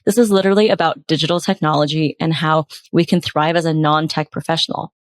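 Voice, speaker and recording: A woman podcast host reading out bad pitches and critiquing them with exasperated, sarcastic commentary. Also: steady tone, fast talker, no room sound.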